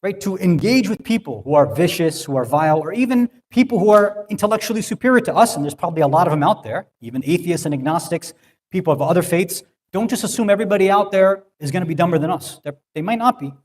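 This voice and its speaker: Man, slightly high voice, casual sermon delivery, long hall reverb. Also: expressive, fast, a little mellow. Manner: conversational, often adds "right?". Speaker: speaker at an Islamic center. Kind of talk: sermon-style storytelling talk.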